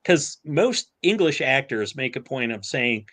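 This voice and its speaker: Podcast guy chatting casually, stop-start with lots of ums, pitch bouncing all over. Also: sing-song, fairly bright tone. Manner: halting, lots of fillers and restarts. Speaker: podcast co-host. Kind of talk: casual chat.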